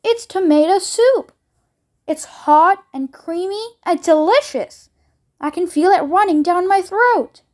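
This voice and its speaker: A woman's voice: very high voice, animated, measured pace, voice pushed up. A woman reading a storybook aloud, voicing a spoiled, greedy girl who talks obstinately and gushes. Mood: greedy delight. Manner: obstinate, bossy, gushing.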